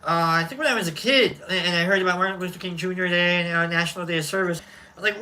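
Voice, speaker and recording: High, bright-voiced man chatting slowly. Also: poor audio. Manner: exclaims and sighs between loose, rambling remarks. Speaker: host. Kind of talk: casual chat.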